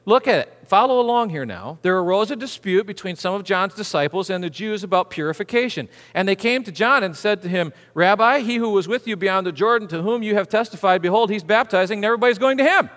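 A man preaching a sermon as a pastor, animated, acting out biblical figures with humor. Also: high-pitched, quick pace, hardly any pauses, long reverb tail.

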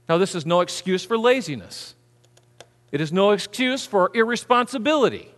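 A man preaching a sermon as a pastor, animated, acting out biblical figures with humor. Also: sits high, fairly quick, in a large hall.

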